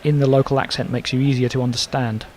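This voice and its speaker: A man's voice: medium pitch, level tone, fast talker, a little mellow, slight background noise. Man chatting as cricket co-commentator. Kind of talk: casual commentary chat.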